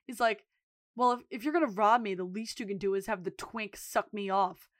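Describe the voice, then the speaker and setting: A woman co-hosting a podcast, retelling scenes in animated casual chat and acting out the quotes. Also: mid-range voice, brisk, no echo, studio quality. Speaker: podcast co-host recapping episodes.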